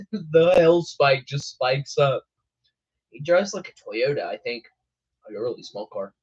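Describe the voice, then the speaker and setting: A man's voice: medium pitch, animated, unhurried, a little mellow, breathy edge, dull audio. A young man hosting a weather show, chatting casually on a live stream, laughing often and calling people bro. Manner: laid-back, laughing, says bro a lot.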